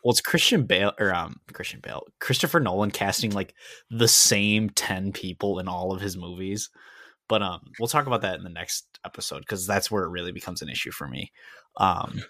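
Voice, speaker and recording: A man with a fairly low voice, talking casually and a bit hesitantly during a movie review podcast. He pauses on "um"s as he sorts through his thoughts. The recording is dry and close. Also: sharp tone, dry recording. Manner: measured, hesitant, many "um"s. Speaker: podcast co-host. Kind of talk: casual film review chat.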